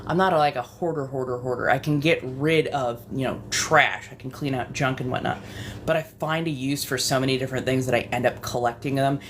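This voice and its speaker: Young woman, West Coast accent, low-pitched, loose chatty streamer delivery with cursing and asides. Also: slight background noise. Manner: chatty, swearing, rambling asides. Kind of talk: casual live-stream chat.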